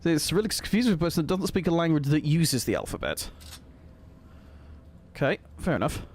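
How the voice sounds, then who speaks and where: A man's voice: on the high side, sing-song, fairly quick, darkish tone, breathy edge. A man streaming a shooter game, commentating and chatting with viewers, exclaiming at the action and laughing often.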